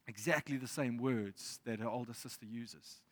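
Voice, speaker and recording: A man preaching a sermon in a reflective way, reading scripture aloud with pauses. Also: medium pitch. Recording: long reverb of a hall.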